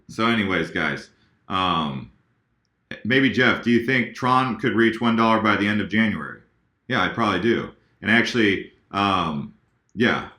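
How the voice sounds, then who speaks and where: Male video host, casual and direct with viewers, bright tone, roomy echo. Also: on the low side. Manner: chatty, addresses viewers directly, self-corrects. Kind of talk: casual chart talk to viewers.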